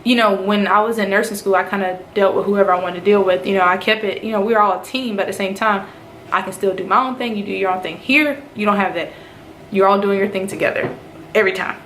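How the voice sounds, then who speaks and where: A woman from North Carolina, a nurse in officer training, telling her story in a casual vlog. She talks in an animated way and acts out the lines other people said to her. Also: medium pitch, fast. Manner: animated retelling, acts out quoted speech. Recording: roomy echo, faint background noise.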